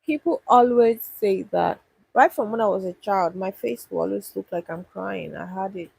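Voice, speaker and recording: Woman with a very husky voice. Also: mid-range voice, moderate pace, a little mellow, no echo, poor audio. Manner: chatty, thinks aloud with restarts. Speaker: livestream host answering viewers. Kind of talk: casual live chat.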